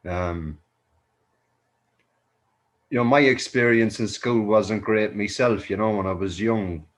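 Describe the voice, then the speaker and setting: An Irish man with a lowish voice, chatting loosely on a live stream call. He rambles along and leans on "you know" between thoughts. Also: takes it slowly. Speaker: caller on a live stream chat. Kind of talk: casual chat.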